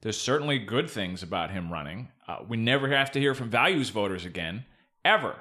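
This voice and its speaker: A man's voice: fairly low pitch, a little fast. A man co-hosting a casual political chat, talking bluntly and with plenty of swearing. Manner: blunt, profane, animated.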